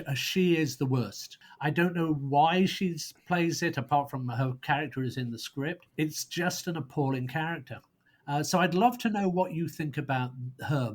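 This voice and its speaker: A man speaking as a podcast guest, who rambles and searches for words before landing on blunt, scornful verdicts. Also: on the high side. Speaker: guest prosecutor on a film podcast. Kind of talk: casual podcast debate.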